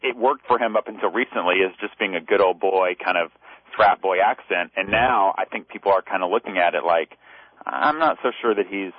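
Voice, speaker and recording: Low-voiced male correspondent on a phone line. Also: dry recording. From Texas. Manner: conversational, quick asides, many fillers. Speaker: news correspondent, radio guest. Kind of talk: casual talk radio chat.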